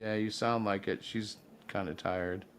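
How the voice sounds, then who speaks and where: A man's voice: on the low side, fairly even intonation, a bit bright, a little hiss or hum. A man co-hosting a live stream, bantering with dry jokes and puns. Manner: dry, joking, quick with puns.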